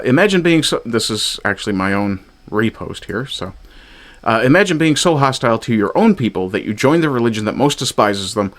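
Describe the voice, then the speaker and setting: A man's voice: lowish voice, fairly bright tone. Sarcastic, swearing man from Newfoundland. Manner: sarcastic, profane, mocking. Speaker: commentary streamer. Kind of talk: reaction commentary on clips.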